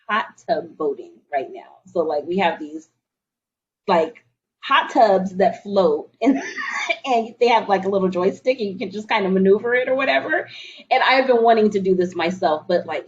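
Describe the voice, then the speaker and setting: A woman guest coach in a casual podcast chat, talking in an animated and encouraging way. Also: mid-range voice, normal speed. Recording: dull lo-fi remote audio.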